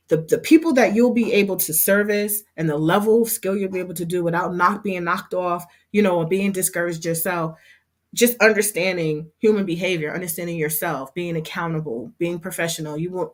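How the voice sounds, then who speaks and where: Speaking in a fairly low pitch, this hair program instructor runs a relaxed livestream. Her delivery is talkative, sincere, and full of expression.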